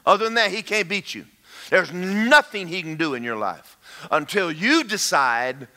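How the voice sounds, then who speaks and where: A man's voice: high-pitched, a little slow. A man preaching a sermon, emphatic and calling out to the congregation. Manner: animated, emphatic, calls out to the congregation. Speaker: pastor.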